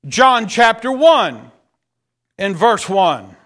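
A man preaching a sermon, reading scripture aloud in King James wording and pressing his points with drawn-out emphasis. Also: high voice, animated, sharp tone.

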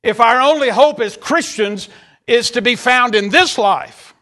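A man preaching a sermon, reading scripture aloud in King James wording and pressing his points with drawn-out emphasis. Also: very high-pitched, bright, forceful tone.

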